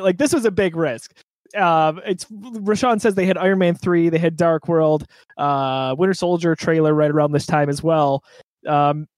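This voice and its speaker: High-voiced man in casual podcast chat. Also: no echo. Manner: flustered, apologetic, laughing. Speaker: podcast co-host.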